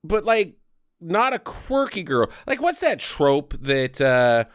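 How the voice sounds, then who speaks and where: A man's voice: fairly high pitch, very animated, slow, smooth, no echo, studio quality. A man co-hosting a movie review podcast, chatting casually and rambling with fillers as he recaps the story. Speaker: podcast co-host.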